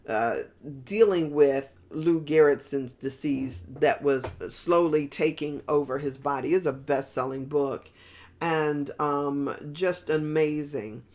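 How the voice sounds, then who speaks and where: A woman's voice: low voice, a little mellow. A woman preaching a sermon in a rambling, conversational way with many fillers and restarts.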